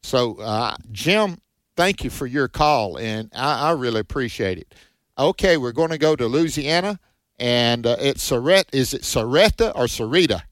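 A folksy male radio host who talks with halting restarts and plenty of fillers while taking calls. His voice is close and dry, with no room sound. His pitch sits in the middle. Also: lively intonation, no echo. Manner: folksy, hesitant, frequent fillers. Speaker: host of a Christian radio call-in show. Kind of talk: casual radio chat.

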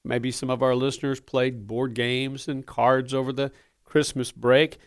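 Male co-host, folksy, deliberate question reading. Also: mid-range voice, flat delivery. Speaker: radio show co-host. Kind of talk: casual chat, reading trivia questions.

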